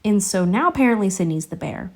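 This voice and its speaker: A young woman YouTuber analyzes a TV show for her viewers, chatty and slangy, rambling off on frequent tangents. Her mid-range voice is animated, fast and a little mellow.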